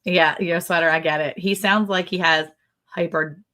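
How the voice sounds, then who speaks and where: A woman's voice: fairly low pitch, fairly even intonation, normal speed, bright, forceful tone. A middle-aged woman co-hosting a casual livestream chat, talking in a chatty, rambling way and laughing often. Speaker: livestream co-host.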